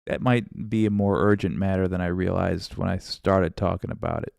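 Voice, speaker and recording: A man's voice: low voice, steady tone, moderate pace, creaky, darkish tone, no room sound, studio quality. A man hosting a political livestream, casually reading viewer comments with sarcasm, frequent swearing and laughter. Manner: rambling, sarcastic, swears freely, laughs often.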